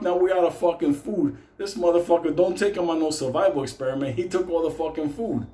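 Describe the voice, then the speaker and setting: Talking fast with few pauses in a slightly high voice, a Puerto Rican man animatedly tells a comic story in casual conversation, cursing nonstop and laughing along. The recording has a roomy echo.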